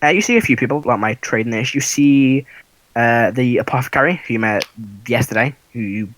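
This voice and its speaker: A man's voice: mid-range voice, a little fast, a bit bright, no room sound, poor audio. Casual male game master, dry sound. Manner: casual, chatty narration with fillers. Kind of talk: narrating a tabletop game.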